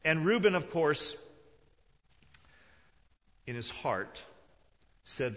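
A man's voice: on the high side, big pitch swings, drawn-out words, long pauses, fairly bright tone. A man preaching a sermon, telling a story dramatically and acting out the voices of its people. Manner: dramatic, acts out quoted voices, rises and drops in intensity. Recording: dull sound in a reverberant hall.

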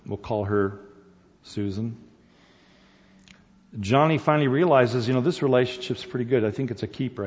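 Folksy man telling a story in a hall. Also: on the low side. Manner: folksy, halting, animated, addresses audience directly. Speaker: speaker. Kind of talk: storytelling to an audience. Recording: dull sound in reverberant hall.

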